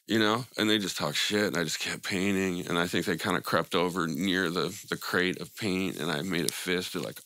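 A man's voice: deep voice, moderate pace, hardly any pauses, bright, forceful tone. A man telling stories in a casual interview, laid-back and full of profanity, laughing between anecdotes. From Albuquerque, New Mexico. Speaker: guest, graffiti artist.

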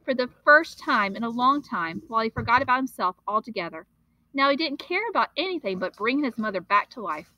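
A woman, a teacher, reading a children's novel aloud in an expressive, steady storytelling manner. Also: on the high side, brisk, no room sound, muffled recording.

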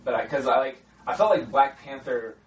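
A man hosting a casual podcast chat, animated and laughing often. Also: mid-range voice, normal speed, a little hiss or hum. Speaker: podcast host. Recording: echoey room, mic at a distance.

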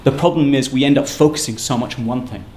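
A man giving a university seminar talk, brisk and emphatic in a conversational lecturing manner. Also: medium pitch, a little mellow. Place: lecture room. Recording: echoey room with faint ambient noise.

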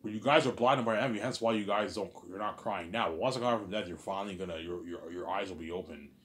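A man talking alone in an intense, repetitive, rambling monologue, often trailing off quietly and swearing. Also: low voice, quick pace. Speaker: vlogger.

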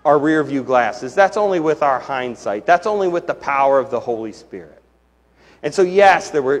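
A man preaching a sermon as pastor, earnest and building to emphatic questions. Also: on the high side. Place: church sanctuary. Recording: long church hall reverb.

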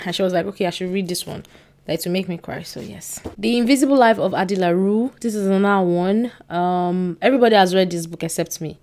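A young woman, chatting casually to camera at home, rambling with excited bursts and quiet trailing asides. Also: mid-range voice. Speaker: book vlogger. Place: indoors at home by a bookshelf. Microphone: on-camera mic.

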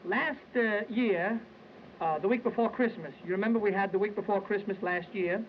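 A male stage entertainer tells jokes as brisk, wisecracking patter between his songs. It is an old 1920s sound film recording. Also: high voice, slight background noise. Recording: dull lo-fi 1920s sound film with loud music.

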